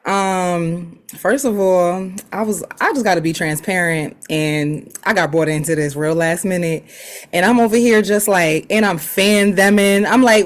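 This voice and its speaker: A woman's voice: fairly low pitch, a little slow. A woman rapping and half-singing a freestyle with chanted call-and-response on a video call, talking in casual slang between verses. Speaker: guest rapper. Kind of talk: freestyle rap over a beat on a livestream.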